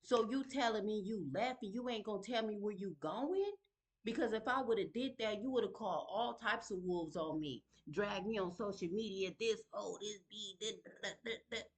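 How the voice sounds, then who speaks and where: A woman's voice: medium pitch, normal speed. Emphatic woman telling her story. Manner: emphatic and conversational, fond of asking "you feel me?". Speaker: vlogger sharing her story. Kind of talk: casual personal storytelling.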